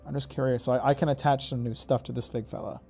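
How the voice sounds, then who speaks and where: A man's voice: mid-range voice, steady tone, quick pace, creaky, a little mellow, faint music behind. A man streaming a game, rambling, joking and swearing as he thinks aloud. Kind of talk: casual live-stream gaming commentary.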